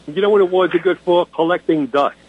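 A man's voice: sits high, brisk, narrow, tinny audio. A man from Brooklyn, co-hosting a radio car show in a blunt, opinionated, joking way. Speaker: co-host. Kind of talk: casual radio chat.

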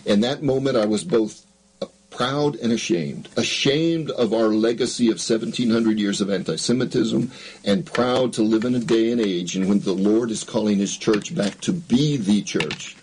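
A male interview guest who tells stories in an earnest, measured way. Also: fairly low pitch, a little mellow, husky, rough recording. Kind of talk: storytelling interview.

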